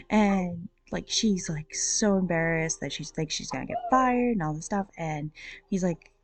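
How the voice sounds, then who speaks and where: A woman's voice: fairly low pitch, normal speed, dry recording. A woman hosting a casual book review, chatty and rambling with lots of ums and likes. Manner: chatty, rambling, with many fillers.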